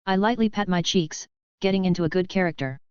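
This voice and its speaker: A woman's voice: fairly low pitch, fast talker, a little mellow, smooth, no room sound. A woman narrating a novel in the first person, with a casual, snarky manner. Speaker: audiobook narrator. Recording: dull lo-fi audio.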